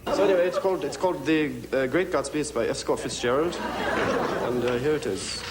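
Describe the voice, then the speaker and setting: An archival clip of a man performing a timid foreign character with a small, broken accent, speaking haltingly. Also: on the high side, heavy background noise, close to an everyday voice. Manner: hesitant, halting delivery. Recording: live club recording with loud crowd.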